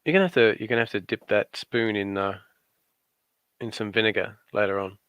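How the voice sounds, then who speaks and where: A man's voice: on the low side, a little fast, a bit bright, clean tone, no room sound. A middle-aged man with an Australian accent giving playful, teasing commentary on a casual craft livestream. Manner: playful, teasing, dry asides.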